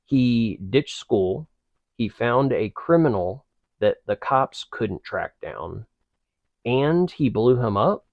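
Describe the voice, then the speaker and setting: A man's voice: medium pitch, very animated, vocal fry, no room sound, phone-quality sound. A man co-hosting a podcast, making wry, joking comments in casual banter. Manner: wry, joking asides, slow drawl. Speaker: podcast co-host.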